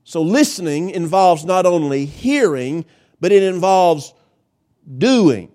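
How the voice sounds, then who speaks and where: A male pastor preaching a sermon, emphatic, with dramatic pauses and swings in pitch. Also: animated, warm tone.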